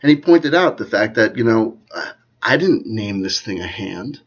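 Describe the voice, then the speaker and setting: Man, low voice, rambling solo commentary, self-mocking, loud-then-hushed delivery, muffled lo-fi sound. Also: expressive, normal speed, breathy edge. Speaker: channel host.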